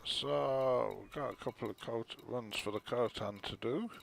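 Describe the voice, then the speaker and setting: A man's voice: fairly low pitch, normal speed, gravelly, a little hiss or hum. A man streaming a space trading game, chatting casually and muttering to himself as he plays. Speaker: gaming streamer. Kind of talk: casual gameplay commentary.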